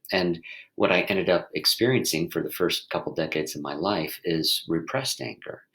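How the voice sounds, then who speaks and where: A man talking gently as a mindfulness teacher, leading listeners through a reflective exercise and often restarting his sentences as he searches for words. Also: sits low, rough recording. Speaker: mindfulness teacher and podcast host.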